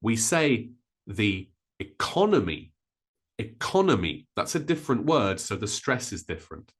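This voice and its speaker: A man teaching a vocabulary lesson, modelling each word slowly and carefully. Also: fairly low pitch, animated, a bit bright. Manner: slow, careful, with drawn-out model words. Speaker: English teacher.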